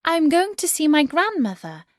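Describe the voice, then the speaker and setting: A woman plays a trusting little girl, pitching her voice high above her own and making it sing-song. She speaks at a normal speed, and the studio-quality recording has no room sound.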